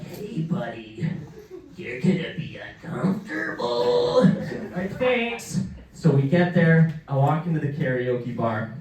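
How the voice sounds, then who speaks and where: Stand-up comic, male, lively storyteller, roomy distant live sound. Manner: animated, acts out characters with pitch jumps. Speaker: stand-up comedian. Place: comedy show in a museum hall. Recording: roomy live venue, mic heard from afar.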